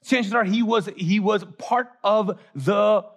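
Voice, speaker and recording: A male pastor preaching a sermon in an animated storytelling way, acting out quotes and making casual asides to his congregation. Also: slow pace, creaky. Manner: animated storytelling, acts out quotes with shifting pitch; conversational, with frequent asides to the congregation.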